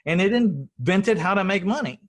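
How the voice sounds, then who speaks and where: A man's voice: high voice, lively intonation, moderate pace. A middle-aged man hosting an interview, telling his story in a rambling, earnest way and often repeating words. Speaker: podcast host.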